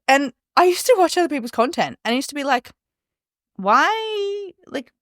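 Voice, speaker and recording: Casting: young woman, solo podcast host, chatty and emphatic, fairly high voice, dry close sound. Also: lively intonation, quick pace, no room sound. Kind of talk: casual solo podcast talk.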